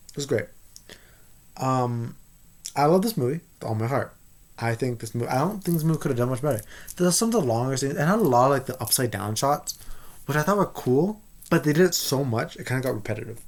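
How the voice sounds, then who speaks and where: A man giving a casual spoiler review of a movie, rambling and excitable with many restarts. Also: medium pitch.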